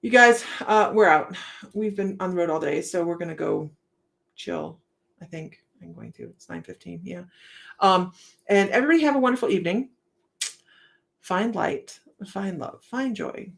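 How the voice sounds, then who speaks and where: A woman's voice: lowish voice, expressive, moderate pace, vocal fry. Southern lady hosting a live stream, chatty, laughs a lot, reads out comments. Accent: Southern American. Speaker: psychic livestream host. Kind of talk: casual livestream chat.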